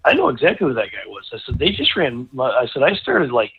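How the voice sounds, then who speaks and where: A middle-aged man, a guest racing driver, telling a rambling, animated anecdote in casual conversation, full of restarts. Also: medium pitch, a little fast, gravelly, breathy edge. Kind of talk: casual storytelling. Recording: tinny phone-like line.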